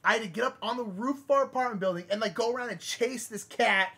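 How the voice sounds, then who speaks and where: A man's voice: very high-pitched, fast, gravelly, pushed and bright, husky. A young man co-hosting a live game stream, chatting casually and telling rambling stories full of "like". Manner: rambling storyteller, lots of "like". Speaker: streamer co-host.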